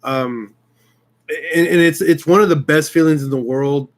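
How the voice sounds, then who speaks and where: A man's voice: fairly high pitch, a little slow. A man hosting his own channel, talking casually and heartfelt to his viewers, getting emotional and restarting often. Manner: rambling, heartfelt, many restarts. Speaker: YouTube channel host. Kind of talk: casual live-stream chat.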